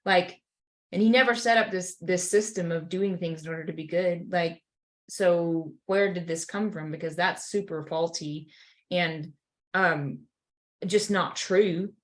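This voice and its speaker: A woman with a low-ish, unhurried voice co-hosts a casual faith podcast. She tells a story animatedly, full of "like" fillers and little acted-out voices.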